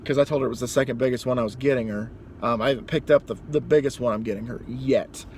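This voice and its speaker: A man's voice: mid-range voice, fairly even intonation, quick pace, darkish tone. A young man ranting casually as a vlogger, telling a rambling story with mock outbursts. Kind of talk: casual rant. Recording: background traffic noise. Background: street and car noise.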